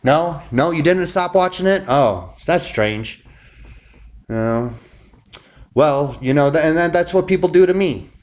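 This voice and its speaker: A man's voice: a little high, animated, a little slow. A man delivering a casual, rambling monologue to his viewers, cursing freely and restarting his sentences often. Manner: rambling, profane, many restarts. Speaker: vlogger.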